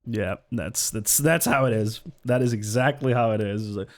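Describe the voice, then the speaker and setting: A streamer giving sarcastic, laughing, animated commentary on a live stream. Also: medium pitch, moderate pace.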